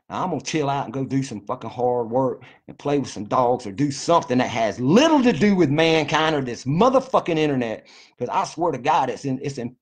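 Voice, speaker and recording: A man delivering a fervent, profane, folksy monologue to his viewers. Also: medium pitch. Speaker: vlogger. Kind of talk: impassioned monologue to camera.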